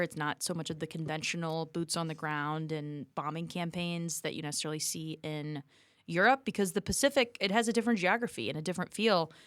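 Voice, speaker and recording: A woman co-hosting a history lesson podcast, explaining events in a relaxed, conversational way with casual contractions. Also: fairly low pitch, clear, resonant tone, no echo, clean studio sound. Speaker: history teacher co-host.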